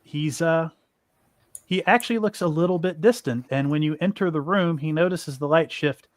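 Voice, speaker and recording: A man narrating as game master, halting with many fillers. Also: a little high, dry recording, studio quality.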